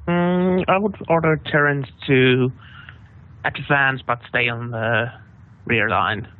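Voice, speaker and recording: Measured man on a tinny line. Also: mid-range voice. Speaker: player. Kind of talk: tabletop game play over voice chat. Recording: tinny phone-like line with faint noise.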